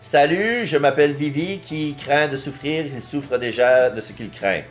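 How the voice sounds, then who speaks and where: A man's voice: fairly high pitch, moderate pace, faint music behind, natural voice. A man voicing a confident, show-off teenage schoolgirl, smug and showy.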